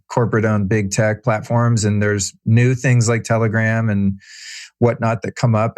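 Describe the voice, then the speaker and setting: A man's voice: lowish voice, darkish tone. A man hosting a podcast, asking long questions in loose, searching phrasing with fillers. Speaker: podcast host. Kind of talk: casual interview questions.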